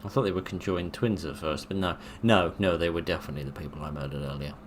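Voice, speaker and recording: A man's voice: sits low, fairly even intonation, fast, slight background noise. A man giving dry, sarcastic let's play commentary while he plays a horror game. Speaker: gaming video narrator.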